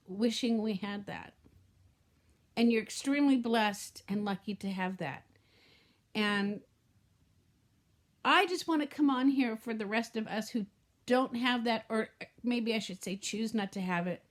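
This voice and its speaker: A middle-aged woman vlogging to camera in a heartfelt, rambling way that often trails off and restarts. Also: a little high. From Southern California. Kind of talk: casual talk to camera.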